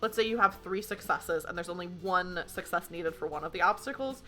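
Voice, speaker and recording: A woman's voice: lowish voice, a little fast, fairly bright tone, soft background music. A woman casually explaining tabletop game rules to fellow players, rambling and laughing often. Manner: rambling with fillers, frequent laughter. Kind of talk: casual tabletop play chat.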